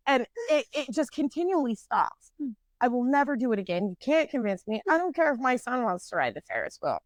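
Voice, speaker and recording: High-voiced swearing young woman storyteller. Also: brisk, no echo. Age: 20s. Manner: swears constantly, animated storytelling. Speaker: podcast co-host. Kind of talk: casual chat.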